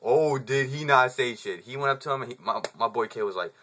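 Male, 20s, vlogger storyteller; bright, tense tone, casual profane slang. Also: mid-range voice, fairly quick. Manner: profane, laid-back slang, chuckles through the telling.

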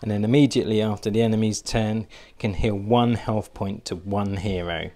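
A man's voice: lowish voice, steady tone, normal speed, warm tone. A man narrating a solo board game playthrough, thinking aloud and hesitating with fillers as he works out each move.

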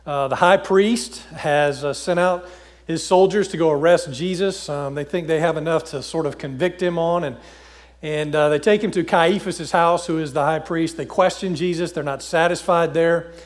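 A man preaching a sermon in a relaxed, conversational way, paraphrasing scripture with frequent fillers and restarts. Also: on the high side, moderate pace. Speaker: pastor. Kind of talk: casual sermon with scripture reading.

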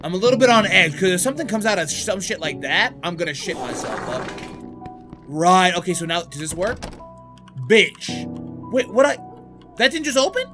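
A man with a high voice narrates a horror game as he plays it. His delivery is crude and animated, and his pitch swings widely. Loud game music plays behind him. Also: normal speed. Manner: animated, crude, bursts into shouting when startled. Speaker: gaming YouTuber. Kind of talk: let's play commentary.

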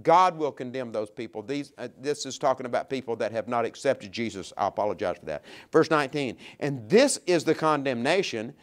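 A man preaching a sermon as pastor, reading scripture aloud and acting out quoted voices, with big swings between loud and soft. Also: mid-range voice, brisk, few pauses. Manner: animated preaching with sharp swings in loudness.

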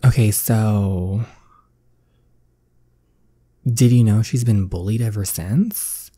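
A man playing a story game for his channel, chatting excitably to viewers and sounding tired and sweaty. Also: lowish voice, takes it slowly, long pauses, slightly rough, no room sound, studio quality. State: tired and sweaty after a vaccine dose. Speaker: gaming YouTuber. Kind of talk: casual let's-play commentary, reading a story game aloud.

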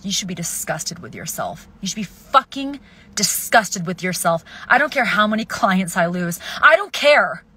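A young woman ranting furiously and profanely at the camera, swinging between shouts and hushed hisses. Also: on the low side, sing-song, moderate pace, husky. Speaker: video poster. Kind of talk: angry self-filmed rant.

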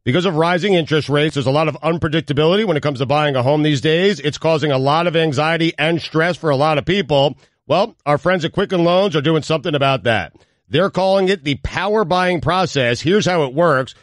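Radio cohost reading an ad, dry close mic, bit high voice. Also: male voice, brisk, no room sound. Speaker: radio co-host. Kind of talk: casual banter and read ad.

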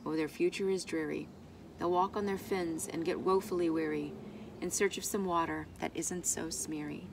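A woman's voice: on the low side, fairly even intonation, moderate pace, background noise, lightly acted. A woman reading aloud voices a cross little male forest creature who scolds in a snappish way. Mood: indignant.

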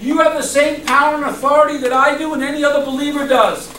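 High-voiced fervent male preacher, echoey room. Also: steady tone, quick pace, sharp tone, a little hiss or hum. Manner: fervent, laughs often between phrases. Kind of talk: sermon. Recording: echoey room, mic far off.

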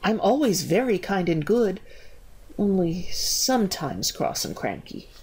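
A woman's voice: big pitch swings, unhurried, a little mellow, a little hiss or hum. A woman voicing a tiny, eager young girl witch who turns stubborn, reading from a storybook. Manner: high, pleading, emphatic.

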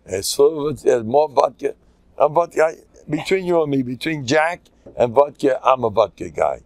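Older man from the USA, a rabbi teaching with wisecracks and Yiddish asides, mid-pitched voice, dry close recording. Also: moderate pace, no echo, rough recording. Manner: joking, animated, full of Yiddish and Hebrew terms. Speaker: rabbi giving a class. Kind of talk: informal Torah lecture.

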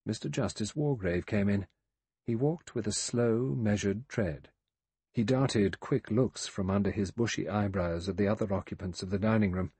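A man narrating a mystery audiobook in a measured, dramatic reading. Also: lowish voice, warm tone, husky, no room sound.

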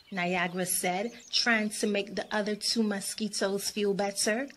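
A woman reading a children's story aloud in a clear, expressive way. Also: mid-range voice, unhurried, few pauses, a little hiss or hum.

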